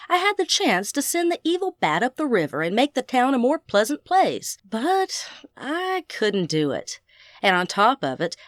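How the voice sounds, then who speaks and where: A woman's voice: fairly high pitch, no room sound, clean studio sound. A woman narrating a first-person audiobook, full of folksy phrases. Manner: folksy Southern idioms.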